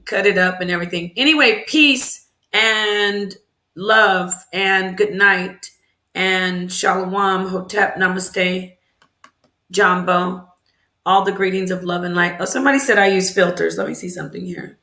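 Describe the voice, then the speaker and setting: A woman's voice: lowish voice, fairly even intonation, unhurried, pushed and bright. A woman hosting a casual livestream, chatting loosely, reacting to viewer comments and asking them questions aloud. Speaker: livestream host. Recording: roomy echo.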